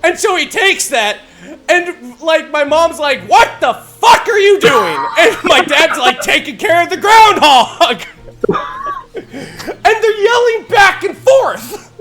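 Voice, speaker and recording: A young man streaming live, telling funny family stories in casual chat. He is animated, laughs a lot and swears freely. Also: extremely high pitch, slow, soft background music. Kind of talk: casual storytelling while gaming.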